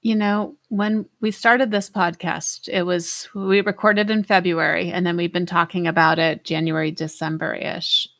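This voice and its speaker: A woman's voice: fairly low pitch, flat delivery, normal speed, few pauses, a bit bright, dry recording, clean studio sound. A woman co-hosting a podcast in casual chat, talking in a thoughtful, heartfelt way and searching for her words. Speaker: podcast co-host.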